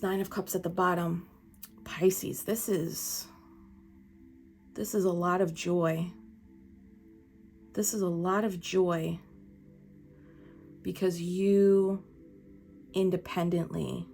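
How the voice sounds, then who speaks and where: Animated woman giving a tarot reading. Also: medium pitch. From United States. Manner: animated, emphatic, swears, talks straight to the viewer. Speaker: tarot reader. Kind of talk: casual spoken tarot reading.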